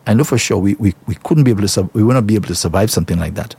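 A husky-voiced man delivers solo commentary. He talks emphatically and repeats phrases for effect. His delivery is indignant and direct. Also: on the low side, racing, mellow. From Saint Lucia. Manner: emphatic, repetitive, indignant, addresses listeners as folks.

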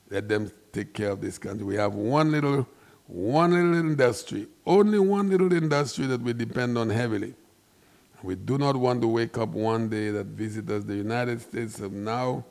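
A man with a Saint Lucian accent giving an impassioned, emphatic monologue as a commentator, preaching and rising into loud outbursts. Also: on the low side, creaky.

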